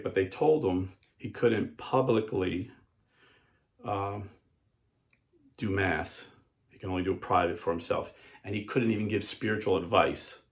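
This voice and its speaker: A man hosting a casual talk show, speaking earnestly and conversationally, often acting out quotes in other voices. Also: lowish voice. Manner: frequent fillers and restarts, quotes people in put-on voices. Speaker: podcast host. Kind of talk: casual commentary.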